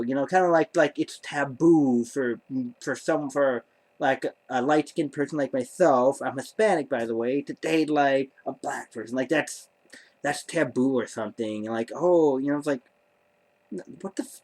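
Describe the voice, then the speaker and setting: A man's voice: medium pitch, moderate pace, a little mellow. A man telling a story to camera in a rambling, stammering way, full of exasperated disbelief. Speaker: vlogger.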